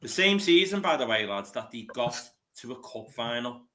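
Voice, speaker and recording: Brief: mid-pitched man, scornful and emphatic panelist. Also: sing-song, normal speed, sharp tone. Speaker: podcast panelist. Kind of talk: casual chat.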